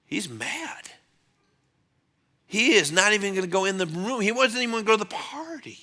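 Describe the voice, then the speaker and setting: A male pastor preaching a church sermon in a conversational, animated storytelling manner. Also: sits high, fast. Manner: animated storyteller, acts out quotes in changing voices; conversational, with fillers and restarts.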